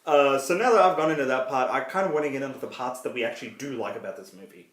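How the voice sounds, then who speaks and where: A man's voice: mid-range voice, racing, fairly bright tone. Chatty man reviewing a film. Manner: chatty, many restarts and laughs. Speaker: podcast co-host. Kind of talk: casual movie review chat. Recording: echoey room.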